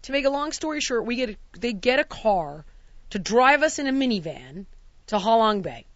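A woman's voice: a little high, very animated, moderate pace, dry recording, dull audio. A woman telling a travel story in casual chat, acting out quotes and ranting with the odd swear word. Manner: dramatic, acts out quotes, rants with swearing.

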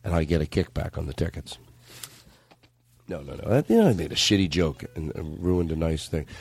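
A man's voice: extremely low pitch, fairly quick, vocal fry, darkish tone, breathy edge. A man hosting a podcast in casual comedic banter, joking and profane with a rambling manner. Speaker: podcast host.

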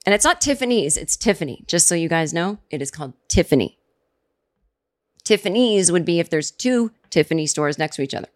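A woman's voice: on the low side, very animated, brisk. A middle-aged woman hosting a comedy podcast, delivering a sarcastic, profane comedic rant. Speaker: podcast host. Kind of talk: comedic monologue.

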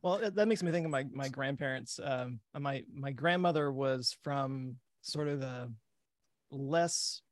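A young man from Texas with no strong accent, chatting casually and relaxed, using lots of fillers. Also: mid-range voice, unhurried, dry recording, clean studio sound. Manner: relaxed, filler-heavy, with "like" and "you know". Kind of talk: casual conversation.

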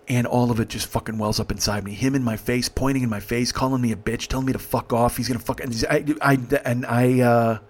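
A middle-aged man hosting a podcast, telling a story emphatically with heavy swearing. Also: mid-range voice. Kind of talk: profane storytelling monologue.

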